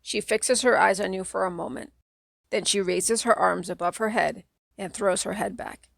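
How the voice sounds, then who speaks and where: Lady reading a kids book aloud, gravelly voice, dry close sound. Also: medium pitch, steady tone, normal speed, no room sound. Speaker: audiobook reader. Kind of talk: audiobook narration.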